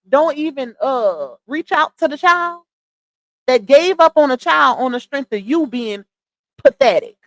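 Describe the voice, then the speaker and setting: A young woman speaks in in a high voice, giving emphatic, opinionated commentary straight to her viewers. The sound is close and dry, with no room around it. She leans hard on her points as she speaks. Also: fairly bright tone, dry recording. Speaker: live stream host. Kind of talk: casual commentary livestream.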